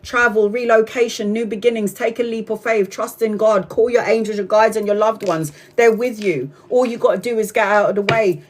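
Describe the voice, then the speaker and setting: A woman in her forties giving a casual live-streamed tarot reading, talking bluntly and emphatically and swearing freely. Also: on the high side. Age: 40s. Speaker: tarot reader.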